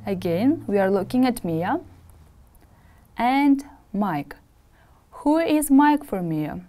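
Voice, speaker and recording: Teacher lady from kyrgyzstan drilling words with kids, warm low-key tone, clear and patient. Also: lively intonation. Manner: slow, clear drilling with "repeat after me". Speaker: English teacher. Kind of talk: video lesson for schoolchildren.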